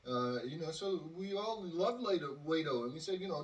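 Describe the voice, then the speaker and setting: This podcast host, slightly high-voiced and expressive, tells a casual story at a moderate pace. He rambles with frequent fillers and acted quotes, and the recording is roomy and far from the mic.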